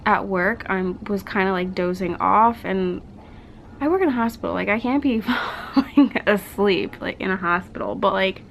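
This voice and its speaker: A woman's voice: mid-range voice, normal speed, vocal fry, low-quality recording. A young woman chatting casually in a home vlog, rambling with lots of "like", a little out of breath. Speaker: vlogger. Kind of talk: casual pregnancy update vlog. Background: washing machine hum.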